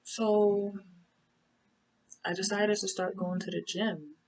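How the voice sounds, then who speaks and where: A woman's voice: mid-range voice, fairly even intonation, slow, darkish tone, slightly rough, poor audio. A young woman telling her own story in a loose, conversational way, repeating her phrases. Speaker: survivor sharing her story. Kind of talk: casual personal storytelling.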